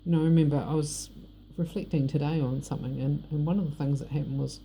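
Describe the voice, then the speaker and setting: A middle-aged woman with a New Zealand accent tells a personal story straight to camera. Her voice is very dark and mellow with a gravelly rasp, and she talks bluntly and rambles. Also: deep voice, steady tone, quick pace, slight background noise. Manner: blunt, rambling, frank with swearing. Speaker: vlogger. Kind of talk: personal monologue.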